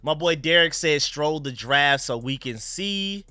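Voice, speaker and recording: Young man, live-stream host, chatty and excitable, slightly high voice, bright tone. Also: unhurried, clean tone, no room sound. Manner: excitable, chatty, thanks donors. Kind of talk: casual live-stream commentary.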